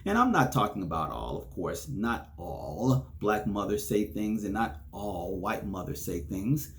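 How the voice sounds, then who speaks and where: A man's voice: fairly low pitch, big pitch swings, unhurried, fairly bright tone. A man hosting a solo podcast, chatting casually, chuckling between points and often checking in with "okay?". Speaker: podcast host.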